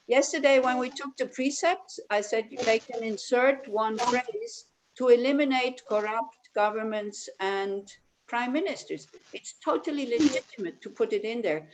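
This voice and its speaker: A woman's voice: a little high, background noise. Woman teaching a meditation class online. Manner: warm storytelling, many "you know" fillers. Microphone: video call.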